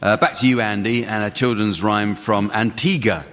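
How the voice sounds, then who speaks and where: A man hosting a comedy radio panel game, reading rhymes in a dry, deadpan way before a studio audience. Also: lowish voice, normal speed. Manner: dry, deadpan delivery of jokes. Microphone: studio microphone. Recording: radio studio with a live audience, some hall reverb.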